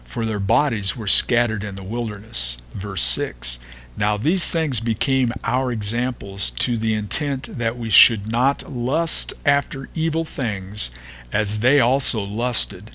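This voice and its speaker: Slow bright-voiced man teaching scripture. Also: medium pitch. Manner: unhurried, pausing, stresses repeated words. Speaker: podcast host teaching the Bible. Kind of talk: devotional Bible study reading.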